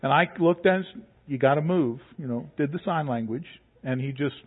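Folksy pastor, tinny sound. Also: male voice, fairly high pitch, a little fast, breathy edge. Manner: folksy, joking, conversational storytelling. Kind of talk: sermon with personal story. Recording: phone-like narrow band.

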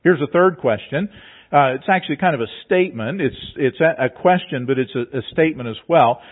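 A man's voice: medium pitch, a little fast, husky. A man preaching a sermon, explaining a passage step by step in a teacherly way and often repeating words as he goes. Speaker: pastor. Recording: tinny phone-like sound.

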